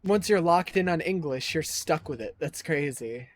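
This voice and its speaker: A man's voice: a little high, lively intonation, normal speed. A man streaming a game live, thinking aloud in a sarcastic, profane, casual way. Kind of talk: casual live gameplay commentary.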